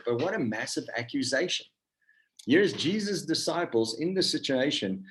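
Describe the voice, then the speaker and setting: South african guy leading a bible study on a video call, relaxed and chatty, middle pitch. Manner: conversational, many fillers, asks the group questions. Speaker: campus ministry leader.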